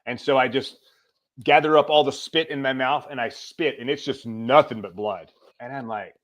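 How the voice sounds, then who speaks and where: Man telling a story in an animated way. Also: medium pitch, brisk. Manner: animated, acts out quoted lines. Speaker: podcast guest. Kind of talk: casual storytelling.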